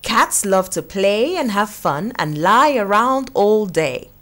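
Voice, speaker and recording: A woman voicing a calm, knowing farm horse in a children's storybook reading, explaining things plainly. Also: medium pitch, slow pace.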